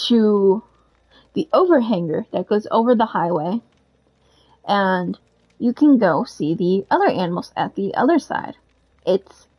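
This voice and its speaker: A woman's voice: mid-range voice, darkish tone. A young adult woman telling a story in a rambling, casual way, frank and swearing freely. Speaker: gaming vlogger. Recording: dull lo-fi recording.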